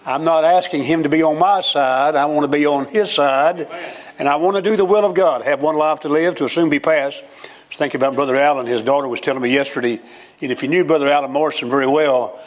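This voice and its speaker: A man's voice: a little high, fast talker. An older man preaching a sermon, telling folksy jokes and stories and lifting his voice on emphatic lines. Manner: folksy, joking storytelling with rising emphatic lines.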